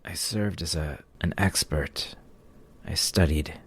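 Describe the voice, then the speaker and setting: Brief: man voicing an eerie, hushed shadow entity for a solo tabletop game, whispered role-play, breathy. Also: low voice, slow pace, heavily acted. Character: ancient hooded shadow entity, eerie and patient.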